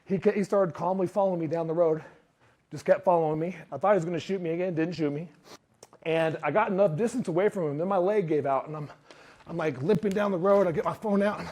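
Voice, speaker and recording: A man giving a motivational talk to a live audience, telling his story in an animated way and acting out what others said. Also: high voice, fast. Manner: animated storyteller who acts out quotes. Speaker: speaker.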